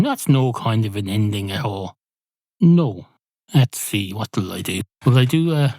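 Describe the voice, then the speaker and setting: A man hosting a podcast alone from a spare room at home, rambling through a deadpan, improvised comic monologue. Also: fairly low pitch, a little slow, no room sound. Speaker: podcast host. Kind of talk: rambling solo comedy monologue.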